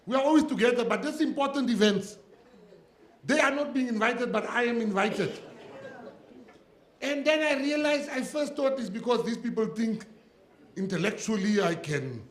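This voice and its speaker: A man's voice: very high-pitched, a bit bright. A South African man, a government minister, giving a humorous speech and telling jokey stories to a laughing audience. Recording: echoey hall with audience laughter.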